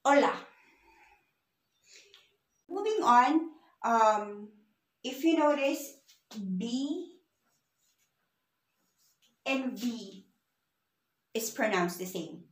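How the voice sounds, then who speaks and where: A woman's voice: fairly high pitch, animated, very slow, pauses often, echoey room, low-quality recording. A woman teaching a beginner Spanish lesson, patiently spelling words out letter by letter.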